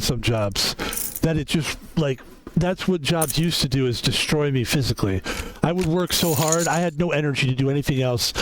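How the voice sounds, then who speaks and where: A middle-aged man with a slightly high voice chats loosely while streaming a poker game. He rambles, corrects himself mid-sentence and swears casually. Faint noise sits under his voice.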